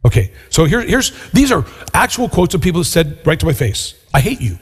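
Husky older man preaching in a reverberant church. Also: on the high side, sing-song. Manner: earnest, slows down to stress key words. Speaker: pastor. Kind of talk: sermon. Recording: long hall reverb.

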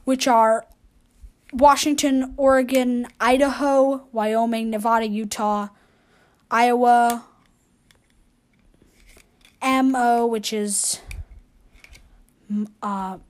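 A woman's voice: a little high, steady tone, slow pace, pauses often. A woman hosting an amateur news show, reading long lists casually and correcting her own slips as she goes.

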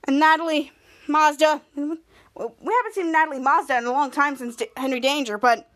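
A woman hosts a podcast and recaps an episode in casual talk. She rambles and restarts her sentences often. Her voice sits very high. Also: moderate pace, fairly bright tone. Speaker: podcast host.

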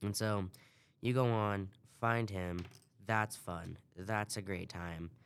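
A man's voice: fairly low pitch, fairly even intonation, slow, a bit bright, a little hiss or hum. A man hosting a podcast, casually recapping a video game in a rambling way and swearing offhand. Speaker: podcast host.

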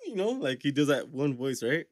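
A man co-hosting a loose podcast chat, full of slang and quick laughs. His pitch swings widely as he tells a story. The sound is dry and close, with no room around it. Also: big pitch swings, a little mellow, no echo. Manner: slangy, laughing, says "fool" and "dude" a lot. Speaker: podcast co-host. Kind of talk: casual chat.

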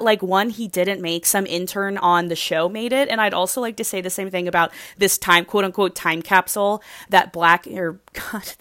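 A woman with a lowish, slightly bright voice casually recaps a reality show, rambling and gushing and saying "like" constantly. The recording is studio quality with no echo.

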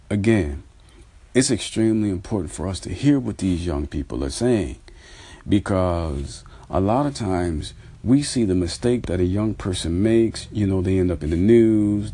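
Deep, husky-voiced man talking earnestly. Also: warm tone, no room sound. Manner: retells conversations, quoting others, earnest and preachy. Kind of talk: casual spoken commentary.

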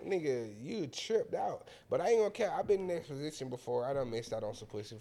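A man's voice: fairly high pitch, expressive, fast talker, mellow. A man co-hosting a podcast, arguing back in a drawling, profane way during casual banter. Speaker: podcast co-host.

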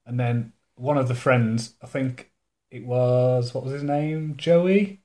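A man's voice: mid-range voice, steady tone, slow, a little mellow. Sarcastic, sweary man. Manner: sarcastic, sweary, laughs often. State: recovering from an ear infection. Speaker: podcast co-host. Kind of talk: casual banter about a TV episode.

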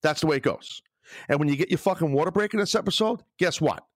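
A man's voice: on the high side, fast, no echo, studio quality. A man hosting his own podcast alone, ranting with heavy swearing and sarcasm. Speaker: podcast host. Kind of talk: solo podcast rant.

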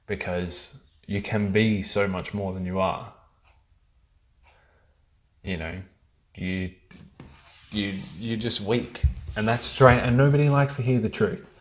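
A man's voice: fairly low pitch, fairly even intonation, measured pace, pauses often, close to an everyday voice. A man putting on a wavering American accent to play a profane patriotic American man ranting about laziness. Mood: scolding. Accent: put-on American. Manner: preachy, scolding, profane.

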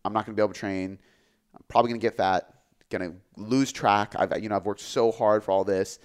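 A man who works as a fitness coach, talking casually on a podcast, relaxed and full of filler words. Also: on the low side, fast, clear, resonant tone. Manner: relaxed, filler-heavy, says "like" often.

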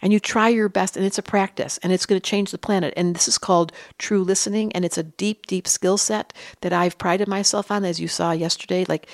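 A woman's voice: medium pitch, no echo, studio quality. A woman guest, an astrologer, telling stories in casual chat. She acts out quotes and sometimes drops to a whisper.

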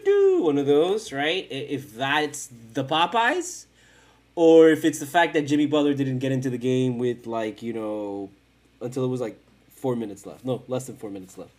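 A man hosts a casual solo podcast from home, talking into a desk mic while streaming. He rambles and swears freely, mocking himself as he goes. His pitch swings widely, from low mutters up to sing-song chants. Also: darkish tone. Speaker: podcast host. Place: at home in front of a camera.

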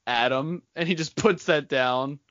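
A young man co-hosting a casual podcast who keeps chiming in with quick quips. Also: on the high side, fairly bright tone, no echo, highs cut off. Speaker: podcast co-host. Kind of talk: casual chat among friends.

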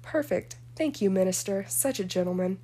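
A woman's voice: mid-range voice, expressive, normal speed, warm tone, slightly rough. A sneering spiteful young witch, voiced by a woman reader. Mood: mocking. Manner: sneering, sarcastic.

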